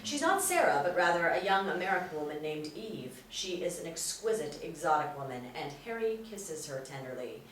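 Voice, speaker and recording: A woman narrating a script reading, giving the stage directions in a crisp, matter-of-fact way. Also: low voice, big pitch swings, moderate pace, few pauses. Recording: roomy, distant mic, faint noise.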